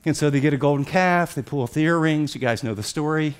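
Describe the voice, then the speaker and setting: Animated high-voiced male preacher. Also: quick pace, smooth. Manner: dramatic storytelling, swings from hushed to excited. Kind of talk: sermon.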